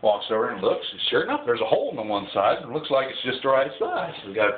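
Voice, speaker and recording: A man's voice: medium pitch, very animated, quick pace. A man in his thirties, a comedy vlogger telling crude jokes in a rambling, chuckling way. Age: 30s. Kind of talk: casual joke telling. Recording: tinny phone-like sound with faint hiss.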